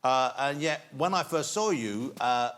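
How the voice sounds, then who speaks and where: A man's voice: medium pitch, lively intonation, a little slow, fairly bright tone. A man hosting a chat show, playful and teasing with guests. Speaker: talk show host.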